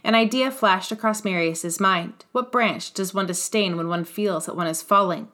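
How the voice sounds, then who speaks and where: A woman hosting a storytelling podcast, calmly reading chapters of a classic novel aloud. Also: mid-range voice, normal speed.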